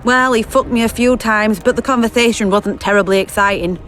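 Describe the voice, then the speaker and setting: An actress playing a bawdy, blunt camp prostitute in a video game, speaking crudely with a slight lisp. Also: female voice, medium pitch, a little fast, fairly bright tone, faint music behind, natural voice. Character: bawdy brash young camp prostitute woman.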